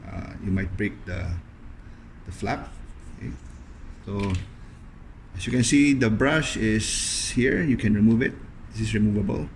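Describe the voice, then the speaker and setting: A young man with a lowish voice walks through a hands-on cleaning demonstration. He keeps it casual and unpolished, leaning on "okay" between steps. Faint background noise sits under the voice. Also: vocal fry. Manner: loose, fills pauses with frequent "okay". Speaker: video host demonstrating appliance upkeep.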